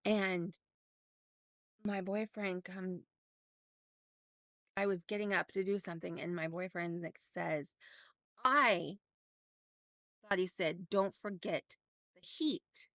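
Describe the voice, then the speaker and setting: A woman's voice: on the low side, fairly even intonation, slow pace, pauses often, fairly bright tone, no echo. A middle-aged woman from Oregon, candidly telling a personal story in a rambling vlog with many restarts. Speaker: vlogger.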